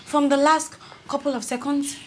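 A woman playing a nervous young counsellor who keeps pleading for calm. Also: sits high, normal speed, noisy background, close to an everyday voice. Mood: flustered. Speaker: doctor, counsellor.

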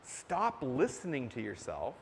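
A man's voice: medium pitch, wildly swooping pitch, unhurried, gravelly, a little hiss or hum. A man preaching a sermon in a church, earnest and emphatic, stopping to cough now and then. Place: church sanctuary. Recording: long church reverb.

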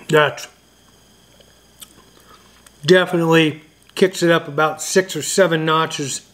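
Slow, chatty man hosting a radio show. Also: fairly high pitch, steady tone, a bit bright. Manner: loose and chatty, with frequent uhs. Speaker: ham radio video host. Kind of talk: casual chat to camera.

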